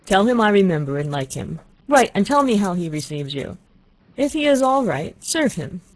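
Narrator voicing a stern old prince, gruff, clipped, loud, audiobook character. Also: mid-range voice, very animated, moderate pace, dry recording, voice pushed up, close to an everyday voice. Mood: gruff instructing. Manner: gruff, clipped, bursts into angry shouts.

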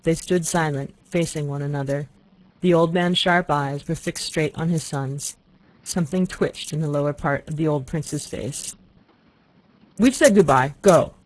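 An audiobook narrator reading a classic novel in a steady, measured way. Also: medium pitch, poor audio.

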